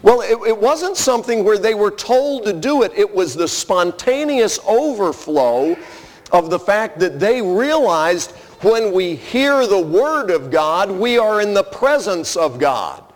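A man's voice: high voice, big pitch swings, a little slow. A man preaching a sermon as pastor, earnest and conversational, telling personal stories to his congregation. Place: church sanctuary. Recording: long reverb of a large hall.

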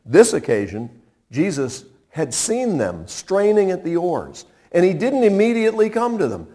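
A middle-aged man preaching in a relaxed, joking way, his voice rising and falling a lot. He takes his time and leaves pauses to let points land. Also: high voice. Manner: conversational and humorous, with dramatic pauses. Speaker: pastor. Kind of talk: sermon.

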